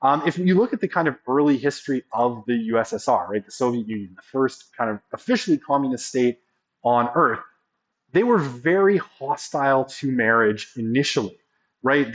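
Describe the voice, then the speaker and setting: A man's voice: mid-range voice, lively intonation, fairly quick, rough recording. A man giving a sociology lecture in a chatty, rambling way, full of fillers and joking asides. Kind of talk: classroom lecture.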